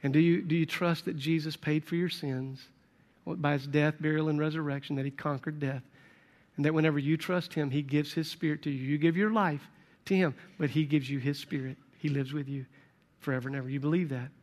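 A man's voice: on the high side, fairly even intonation, brisk, darkish tone. A man preaching a sermon as a pastor and leading prayer, earnest and emphatic, repeating his phrases. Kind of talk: sermon with altar call and prayer. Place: large church auditorium. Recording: long hall reverb.

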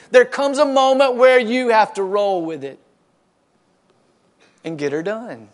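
Pastor, male, high-ish voice, lively folksy sermon delivery. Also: unhurried. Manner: animated preaching, folksy asides, acts out quoted voices.

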